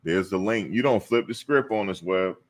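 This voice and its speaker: Deep-voiced man hosting a live stream. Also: moderate pace. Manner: animated, teasing, talks to viewers and chat. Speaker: show host. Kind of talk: casual live-stream chat.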